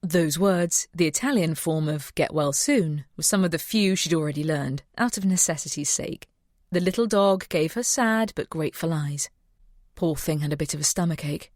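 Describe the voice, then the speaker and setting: A woman's voice: sits low, moderate pace, a little mellow, no room sound, studio quality. A woman narrating a mystery audiobook and voicing a cheerful young vet. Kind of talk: scripted narration.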